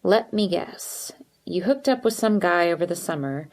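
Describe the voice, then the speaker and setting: A blunt, tough teenage girl with a sarcastic edge, as a woman reads her in an audiobook. She speaks straight and plain, in a lowish voice. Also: lively intonation, normal speed, a little mellow. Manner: sarcastic, direct.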